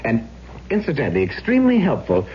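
An actor playing the ghost of a spurned suitor, courtly and coaxing, who turns to desperate pleading, in a 1970s radio drama. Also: male voice, fairly high pitch, wildly swooping pitch, fast talker, muffled recording, slight background noise. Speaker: ghost posing as a genteel older gentleman.

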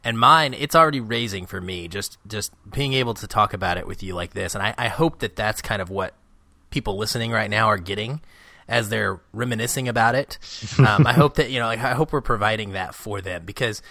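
A man's voice: fairly low pitch, brisk, vocal fry, sharp tone, dry recording. A man co-hosting a podcast, talking casually and animatedly about a movie he loves, laughing often. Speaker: podcast co-host.

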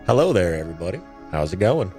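A man's voice: low-pitched, very animated, fast, dark tone, faint music behind. A man as a playful studio poltergeist. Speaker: producer.

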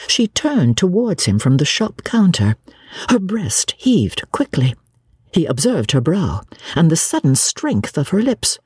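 A woman narrating a dramatic reading of a classic novel in an expressive, theatrical manner. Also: sits low, a little slow, slightly rough, dry recording.

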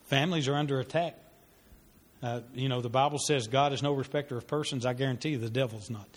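A man's voice: mid-range voice, fairly even intonation, fast. Man teaching in a reverberant hall. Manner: earnest, conversational, with fillers and restarts. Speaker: pastor teaching a parenting class. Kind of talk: sermon-style teaching with a story.

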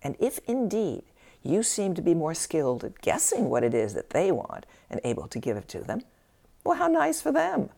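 Low, gravelly woman giving an expressive self-help talk. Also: normal speed. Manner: expressive storytelling, wry. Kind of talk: scripted inspirational talk.

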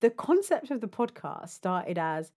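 A woman's voice: mid-range voice, sing-song, unhurried, a little mellow. A young woman co-hosting a podcast in casual, slangy chat, laughing often. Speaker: podcast co-host.

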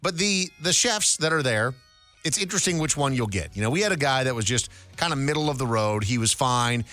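Animated, bright-voiced radio co-host man. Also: medium pitch, fairly quick, soft background music. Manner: joking, storytelling, animated. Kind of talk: casual radio chat.

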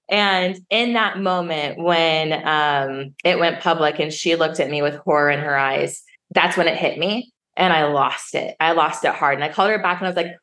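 A woman's voice: lowish voice, moderate pace, a bit bright. A woman sommelier in her thirties, frankly telling a personal story in an interview, swearing and acting out the voices of others. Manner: frank and emotional, swears, acts out quoted dialogue. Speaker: sommelier guest.

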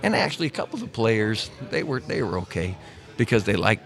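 Older man, low voice, from Missouri; chatty podcast guest spinning long anecdotes with restarts. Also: sing-song, a little fast, vocal fry. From Missouri, USA. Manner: rambling, with many restarts and quoted dialogue. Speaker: guest, former pro soccer player. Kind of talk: casual storytelling interview.

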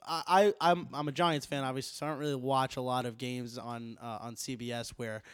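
A man's voice: medium pitch, brisk, clear, resonant tone, no echo, studio quality. A young man co-hosting a casual sports podcast, ranting animatedly and poking fun at himself. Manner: animated, ranting, self-mocking. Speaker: podcast co-host. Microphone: studio podcast microphone.

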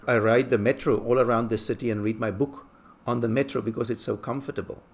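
A man from England who lives abroad, telling relaxed, chuckling anecdotes in a casual monologue. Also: medium pitch, fast. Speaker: expat talking about life abroad.

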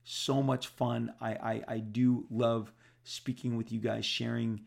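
Gravelly-voiced comic creator telling stories. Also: male voice, medium pitch, slow pace. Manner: animated, repeats words for emphasis. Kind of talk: casual storytelling to fans.

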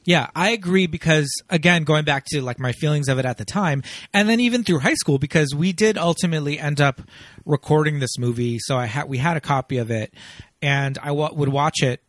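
A man's voice: on the high side, fairly quick, no room sound. A man hosting a podcast in casual chat, laughing often and talking loosely with fillers. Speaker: podcast host.

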